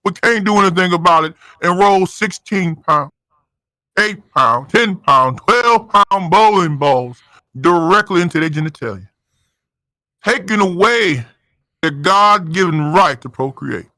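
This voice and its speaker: A man doing over-the-top comedic wrestling commentary, dramatic and excitable. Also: high voice, dry recording.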